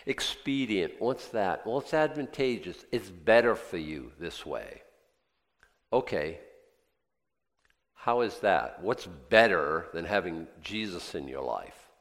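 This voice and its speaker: A man preaching a sermon in a church, conversational and animated, with jokey asides. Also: deep voice, slow, long reverb tail. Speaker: pastor.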